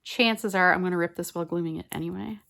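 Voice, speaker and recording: A woman chatting casually while she makes a collage at home, rambling and muttering softly to herself as she works, recorded on a phone on a mount. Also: lowish voice, fast, gravelly. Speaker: collage artist. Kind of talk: casual crafting chat. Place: home craft table, indoors.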